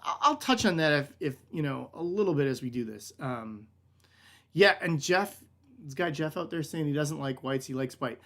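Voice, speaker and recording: Speaking at a moderate pace, this American wine shop director has a slightly high, fairly bright voice with lively intonation. He hosts a casual online wine class in a rambling, relaxed style, addressing listeners as "man" amid plenty of "like," "kinda" and "um."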